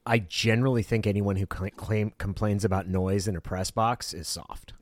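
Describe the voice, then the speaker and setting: A man co-hosting a podcast in casual chat, animated and laughing often, jumping into excited high bits. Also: normal speed, no echo, studio quality. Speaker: podcast co-host. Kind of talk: casual sports-media chat.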